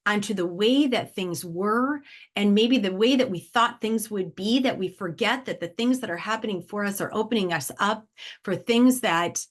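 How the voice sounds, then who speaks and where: A woman's voice: mid-range voice, moderate pace. A woman in her forties hosting a solo motivational podcast, talking in an upbeat, conversational way with lots of "right?" and "like". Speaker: podcast host.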